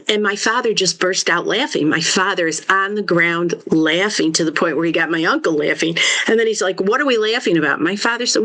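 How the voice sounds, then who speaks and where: A woman author, a podcast guest, telling family stories in a reflective way and quoting her father with lively bursts. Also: mid-range voice. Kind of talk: storytelling in a podcast interview.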